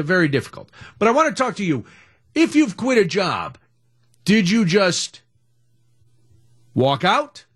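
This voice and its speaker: Man, middle-aged, radio host, jokey, opinionated, lively intonation. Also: high voice. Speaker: radio talk show host. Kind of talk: casual radio talk.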